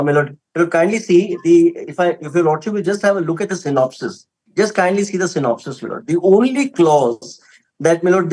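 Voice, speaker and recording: A man's voice: a little high, darkish tone, low-quality recording. A man with an Indian English accent arguing a case before a court, deferential and emphatic, addressing the bench repeatedly. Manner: deferential, peppered with "my lord", emphatic. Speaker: advocate arguing for a respondent. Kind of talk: formal courtroom argument.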